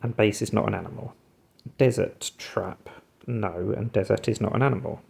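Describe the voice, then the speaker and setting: A man's voice: fairly low pitch, normal speed, vocal fry, a little mellow, breathy edge. A man hosting a puzzle video, musing and talking himself through his guesses while solving a word game.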